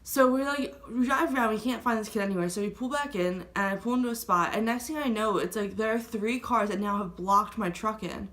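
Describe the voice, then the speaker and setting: A young adult woman vlogger tells a story in a casual, rambling way, packing nearly every phrase with "like." Her medium-pitched voice is fairly bright and moves fairly quickly with few pauses.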